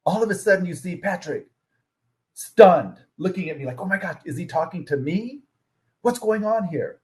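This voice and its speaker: Man giving a storytelling keynote. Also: fairly high pitch. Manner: storytelling with lively voiced quotes. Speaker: keynote speaker. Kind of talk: public keynote speech.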